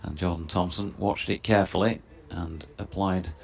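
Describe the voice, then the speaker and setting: A man giving measured ball-by-ball cricket commentary, describing each delivery in detail. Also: deep voice, steady tone, vocal fry.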